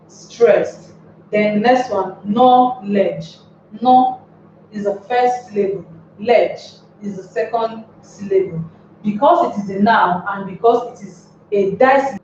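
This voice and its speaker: A woman with a fairly high voice teaches a grammar class at a slow, careful pace, often stopping to quiz her listeners with rhetorical questions. She sounds far from the mic in a very echoey room. The recording is dull and lo-fi, with faint noise underneath. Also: a little mellow.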